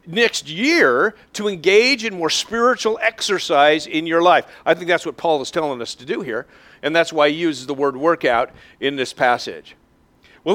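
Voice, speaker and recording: Pastor, male, higher-pitched voice, chatty sermon delivery with ums and uhs. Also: fairly bright tone. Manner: conversational storytelling with frequent fillers.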